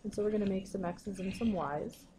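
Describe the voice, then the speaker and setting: A woman's voice: mid-range voice, fairly quick, warm tone, a little hiss or hum, poor audio. A woman teaching a recorded math lesson, explaining patiently step by step.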